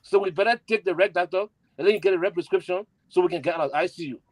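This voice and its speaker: A man making an impassioned fundraising appeal, repeating himself and spelling out letters slowly. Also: high-pitched, dry recording, poor audio. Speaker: campaign supporter and fundraiser.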